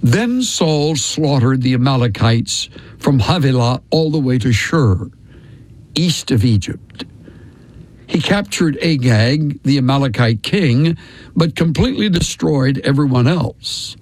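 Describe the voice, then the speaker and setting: A man reading a long scripture passage aloud in a measured, deliberate way. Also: medium pitch, animated, darkish tone, poor audio. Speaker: scripture reader.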